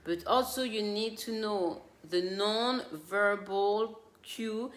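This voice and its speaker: A woman's voice: medium pitch, slow. A woman who hosts a parenting show, giving earnest, direct advice to parents and mixing in her own stories. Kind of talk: casual advice talk. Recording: echoey room.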